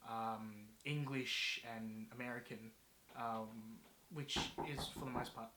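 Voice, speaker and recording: A man's voice: fairly low pitch, fairly even intonation, slow pace, noisy background. Hesitant man in an echoey room. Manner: hesitant, many ums, restarts sentences. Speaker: guest reviewer. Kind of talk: casual movie review chat.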